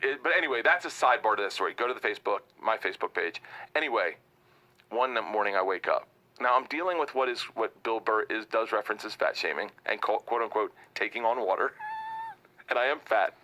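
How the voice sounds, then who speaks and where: Rambling man telling a story in a roomy bar. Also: medium pitch. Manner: rambling and animated, swearing. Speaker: podcast guest telling a story. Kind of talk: casual storytelling. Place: bar or pub room. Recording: roomy, distant mic, background noise.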